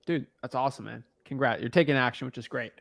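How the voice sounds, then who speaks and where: A young man from the United States giving casual, slangy coaching advice on a call, thinking out loud as he looks things up. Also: mid-range voice, fast, gravelly, no room sound, clean studio sound. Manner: laid-back, slangy, talks through what he looks up. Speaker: real estate wholesaling coach.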